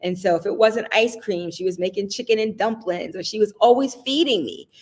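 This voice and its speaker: A woman's voice: medium pitch, brisk, a little mellow. Chatty woman hosting a live stream. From Southern United States. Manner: chatty and personal, often asks "right?" and laughs. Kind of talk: casual live-stream chat.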